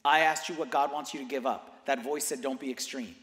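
A man preaching a sermon in a church, swinging from hushed passages to loud emphatic bursts and hammering points home with repeated phrases. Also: fairly high pitch, fairly even intonation, a little fast. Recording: echoey church hall with long reverb.

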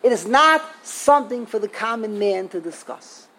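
A man's voice: sits high, lively intonation, normal speed, pushed and bright, low-quality recording. An older man giving an informal Torah class, emphatic and indignant, repeating himself for stress. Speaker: Torah teacher.

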